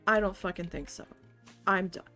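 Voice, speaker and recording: A woman's voice: medium pitch, normal speed, pushed and bright, faint music behind. A woman streamer telling a story in casual chat while she plays, blunt and swearing often. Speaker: game streamer.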